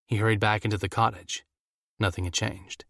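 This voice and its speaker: A man narrating a fantasy audiobook in a steady, measured way. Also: on the low side, gravelly, no echo, studio quality. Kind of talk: scripted narration.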